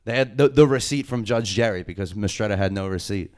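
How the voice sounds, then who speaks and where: A young man, a podcast co-host and wrestler, telling stories in loose, excited, profane casual chat. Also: lowish voice, a little fast. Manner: loose, excited storytelling full of slang and swearing.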